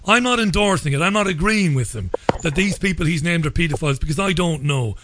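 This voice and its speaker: Measured Irish radio host, fairly high voice. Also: male voice, animated, noisy background. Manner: measured, deliberate delivery with frequent restarts. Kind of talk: talk radio interview.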